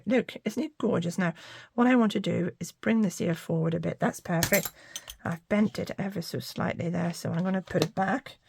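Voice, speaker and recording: A woman's voice: lowish voice, vocal fry, a little mellow, a little hiss or hum. An older woman chatting through a card-making tutorial, talking to her viewers and murmuring little asides as she works. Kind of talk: casual craft tutorial.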